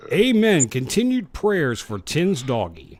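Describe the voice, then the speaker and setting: This is a man hosting a casual live stream, working through viewer comments with quick jokes and laughs. His voice sits a little high and is very lively in pitch. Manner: jokey, laughs between comments. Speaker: live show host.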